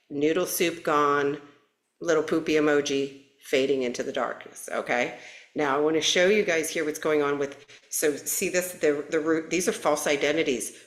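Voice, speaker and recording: A woman hosting a live spiritual update in a casual, playful way, laughing often. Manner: playful, giggly, with sudden high jumps. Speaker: spiritual channel and live stream host. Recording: roomy echo.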